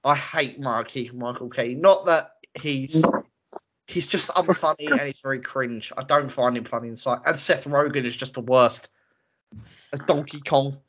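A man's voice: mid-range voice, moderate pace, fairly bright tone, slightly rough. A man co-hosting a casual chat, opinionated and ranting, laughing often. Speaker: podcast co-host. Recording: lo-fi muffled audio.

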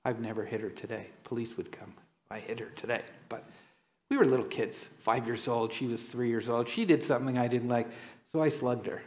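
A man preaching a sermon, telling stories and acting out quoted lines with sudden jumps in pitch. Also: fairly even intonation, a little fast. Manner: storytelling, acts out quotes with dramatic pitch jumps.

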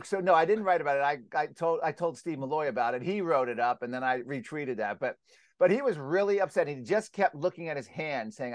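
Animated, rambling American man, dry close sound. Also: fairly high pitch, fast talker, no echo. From United States. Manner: animated, rambling with restarts, acts out quotes loudly. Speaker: guest, climate skeptic publisher. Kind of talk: casual interview storytelling.

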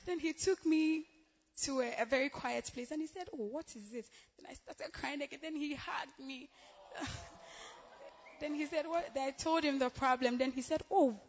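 A woman's voice: high voice, moderate pace. A young woman giving a chatty, giggly testimony at church, laughing between phrases. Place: church hall. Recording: dull lo-fi with long church hall reverb.

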